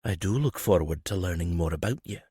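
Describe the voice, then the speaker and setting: A man voicing a malicious Scottish noblewoman with a husky voice and a snide, drawling manner. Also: low-pitched, lively intonation, fairly quick, mellow, dry recording, clean studio sound, full character voice. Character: malicious red-haired Scottish lady, mocking and sly.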